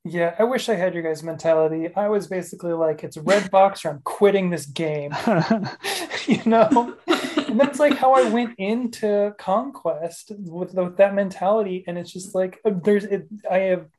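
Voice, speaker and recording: A man's voice: sits high, moderate pace, a little mellow. A man hosting a podcast, talking casually in a rambling, self-mocking way and laughing often. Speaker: podcast host. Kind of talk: casual chat.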